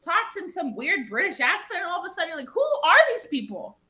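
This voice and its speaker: A woman's voice: very high-pitched, big pitch swings, fast talker, pushed and bright, full character voice. A woman improvising a flustered, rambling bride planning an island wedding, in live improv comedy. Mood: exasperated. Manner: rambling, flustered, full of fillers.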